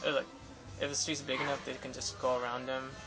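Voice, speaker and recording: A young man in the Los Angeles area recounts an interview with photographers for a casual vlog, rambling with many fillers and restarts while music plays behind. He talks fairly quickly at medium pitch, with little pitch movement. The audio is poor.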